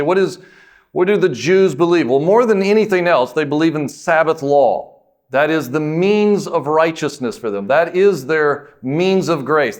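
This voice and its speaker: A man preaching a sermon as pastor, in a conversational way, asking questions and answering them himself, and slowing down to stress key words. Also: a little high.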